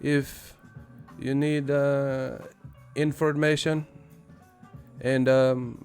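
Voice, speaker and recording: A man's voice: mid-range voice, lively intonation, unhurried, long pauses, faint music behind. A man hosting a casual livestream as a boxer, rambling and profane and laughing often.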